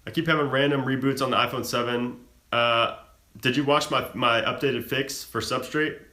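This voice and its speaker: A young man hosting a live stream, casually reading and answering viewer questions with a relaxed, chatty manner and plenty of fillers. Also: medium pitch, normal speed, roomy sound. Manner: relaxed, chatty, frequent fillers and self-laughs.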